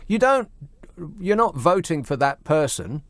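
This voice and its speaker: A man's voice: fairly high pitch, sing-song, measured pace, dry recording. A British man hosting a radio phone-in, talking in a dry, teasing, sarcastic way. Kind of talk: late-night radio phone-in chat. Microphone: studio microphone.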